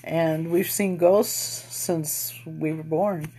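A middle-aged woman telling a personal story in a casual, unhurried, reflective way, with many pauses and fillers. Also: sits low, steady tone, mellow, breathy edge. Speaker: storyteller recounting UFO experiences.

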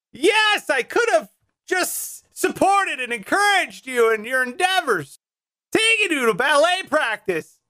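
A self-absorbed stuntman father yelling in a strained, high-pitched whine, put on by a man. He swings between wild highs and lows as he declares grand, melodramatic excuses. The sound is dry and close. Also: no echo, heavily acted.

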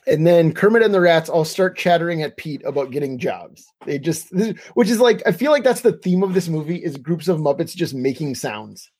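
A man's voice: a little high, lively intonation, a little fast, hardly any pauses, a little mellow, slightly rough. A man co-hosting a casual podcast chat, recapping scenes, quoting lines and chuckling often. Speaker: podcast co-host.

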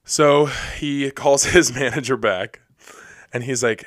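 Fast-talking young man, dry close sound. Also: mid-range voice, no echo. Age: young adult. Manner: rapid, rambling, self-deprecating. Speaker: podcast host. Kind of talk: casual solo storytelling. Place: recording alone.

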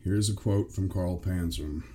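A man's voice: sits low, a little slow, dark tone. A man co-hosting a casual podcast, exasperated and emphatic, swearing freely. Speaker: podcast co-host.

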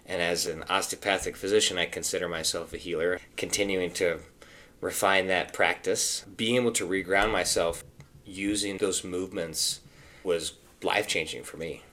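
A man co-hosting a podcast speaks calmly and earnestly in a very deep, low voice. His measured delivery suits a physician sharing a personal reflection. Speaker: osteopathic physician and podcast co-host. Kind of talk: casual conversational talk.

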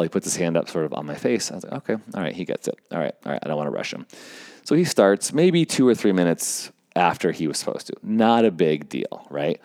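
A man's voice: low-pitched, a little mellow, dry recording, studio quality. A man casually telling a story about his work as an event stage manager, rambling with fillers and acting out what people said. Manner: conversational, rambling with fillers, acts out quoted lines.

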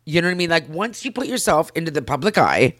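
A woman's voice: low-pitched, big pitch swings, quick pace, dry recording. Woman, podcast co-host, dry close sound, earnest and rambling delivery. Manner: earnest, emotional, repeats herself while rambling. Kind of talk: candid personal chat.

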